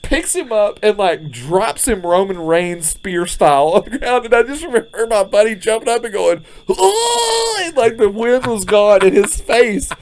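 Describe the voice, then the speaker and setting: A man's voice: high-pitched, moderate pace, few pauses. A man co-hosting a casual podcast chat, telling stories with lots of laughter. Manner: animated storyteller, laughs often. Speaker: podcast co-host. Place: front porch.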